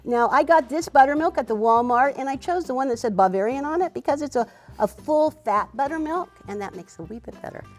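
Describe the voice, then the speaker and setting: A woman's voice: high-pitched, a little fast. A woman hosting a cooking demonstration, chatting to a student and using "wee" and "you know" as she goes. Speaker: cooking teacher and show host.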